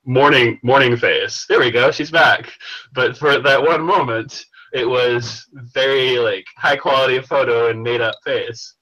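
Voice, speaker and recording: A man's voice: medium pitch, steady tone, measured pace, pushed and bright, poor audio. A tired Canadian man from British Columbia, chatting casually on a video call, rambling and laughing as he talks. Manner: rambling, self-interrupting, laughs often.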